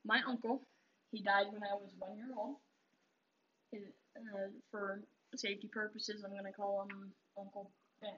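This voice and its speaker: A man's voice: high voice, level tone, normal speed, bright, forceful tone, a little hiss or hum. A man telling a story in casual chat, hesitant, with many fillers. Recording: dull lo-fi recording.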